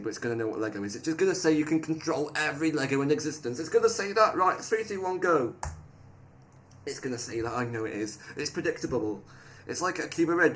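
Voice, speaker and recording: A man giving rambling, excitable casual commentary, often laughing and restarting his sentences. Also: mid-range voice, a little hiss or hum. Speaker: video creator. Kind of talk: casual commentary reading AI replies aloud.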